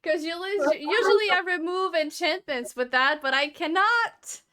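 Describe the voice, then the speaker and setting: A woman's voice: very high voice, moderate pace, sharp tone, slight background noise. A woman streamer chatting playfully through a card game night, laughing often. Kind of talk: casual game-night chat.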